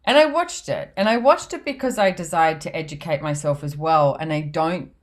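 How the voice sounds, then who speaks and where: A woman's voice: low-pitched, moderate pace. A woman hosting a podcast, chatting casually and laughing often as she tells stories. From Australia. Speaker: podcast host and author.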